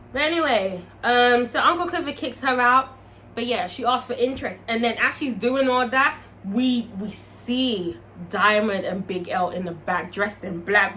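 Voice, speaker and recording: Brief: woman reviewer, high-pitched, animated casual recap, salty language. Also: a little hiss or hum. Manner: animated, frequent swearing, checks in with "all right?". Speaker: TV show reviewer.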